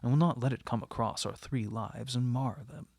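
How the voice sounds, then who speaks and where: A man reading the part of an earnest, devoted male painter who pleads with a friend, in a gravelly voice. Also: mid-range voice, normal speed, a little mellow, no echo, studio quality.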